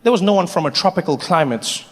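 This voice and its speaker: Animated high-voiced male stand-up comedian. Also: quick pace. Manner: animated, mocking, rising to shouts. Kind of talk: stand-up routine. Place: live comedy stage. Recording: reverberant theater with faint noise.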